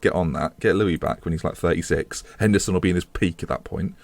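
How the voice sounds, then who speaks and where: A man's voice: sits low, fast, creaky. A man giving casual commentary on his football management game, chatty and self-mocking, swearing when things go wrong. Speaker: gaming video host.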